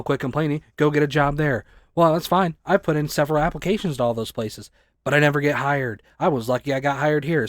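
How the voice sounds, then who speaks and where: A man in his twenties, a store clerk, ranting angrily and swearing a lot, often rising close to a shout. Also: fairly high pitch, dry recording. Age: 20s. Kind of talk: angry rant to camera.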